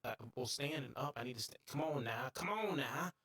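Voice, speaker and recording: A husky man chatting his way through a live game stream. He is jokey and excitable, sings snatches of songs and jumps into high yelps when the game surprises him. His speaking voice sits at an ordinary middle pitch. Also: a little fast. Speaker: gaming streamer. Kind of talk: live gameplay commentary.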